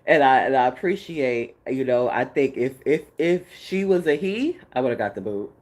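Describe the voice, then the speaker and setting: A woman's voice: rumbling low, lively intonation, normal speed, hardly any pauses, a little mellow, rough recording. A woman hosting a podcast, speaking candidly in a casual spiritual monologue, laughing often and swearing freely. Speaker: podcast host.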